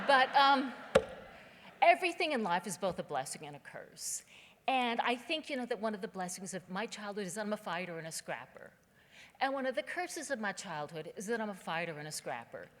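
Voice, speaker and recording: A woman's voice: medium pitch, fairly bright tone. A woman from southern West Virginia, giving a keynote speech as a humorous, conversational storyteller on a theater stage. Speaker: keynote speaker. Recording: long hall reverb.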